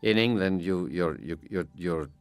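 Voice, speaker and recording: An older man from Ireland giving an audio commentary, halting and repeating words as he recalls his past. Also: sits low, clean tone, no room sound, soft background music. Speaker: film commentator.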